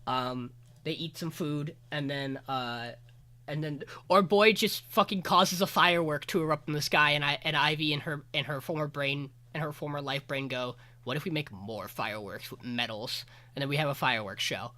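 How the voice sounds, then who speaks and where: A man's voice: on the high side, moderate pace, sharp tone. A man co-hosting a podcast, giving a rambling, casual anime episode recap full of fillers and the odd swear. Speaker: podcast co-host.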